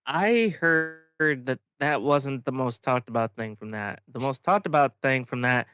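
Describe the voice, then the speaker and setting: Young man, smooth clear voice. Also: medium pitch, a little slow, pushed and bright, no echo. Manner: swears freely, laughs between lines. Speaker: podcast co-host. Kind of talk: casual chat.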